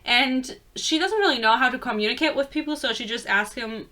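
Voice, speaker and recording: A woman's voice: high-pitched, a little fast, pushed and bright. A woman in her twenties giving a blunt, profane, exasperated book review rant in a casual vlog.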